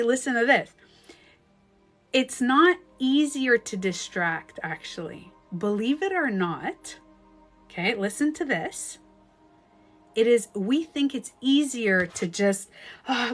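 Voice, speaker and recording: Woman coach on a live stream, kinda high voice, super emphatic, swears a bit, faint music behind. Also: fairly bright tone. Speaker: relationship coach. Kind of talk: live-stream advice talk.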